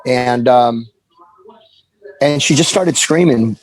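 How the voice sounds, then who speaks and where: Speaking at medium pitch with a steady, slightly mellow tone, a man in his forties opens up about a personal story as an interview guest. He sounds earnest and halting, often restarting what he says, and the audio is poor.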